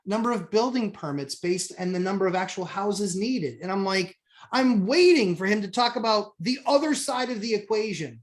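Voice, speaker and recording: A woman telling a story with animated exasperation, an investor chatting on a podcast. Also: medium pitch, moderate pace. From New Hampshire, USA. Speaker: real estate investor, co-host. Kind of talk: casual podcast chat.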